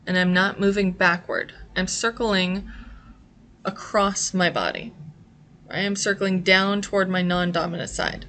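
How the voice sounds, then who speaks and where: Woman instructor, clear and methodical, mid-range voice, talking through a lesson. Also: mid-range voice, bright, forceful tone, slight background noise. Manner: clear, patient, step-by-step. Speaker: sign language teacher. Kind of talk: instructional explanation.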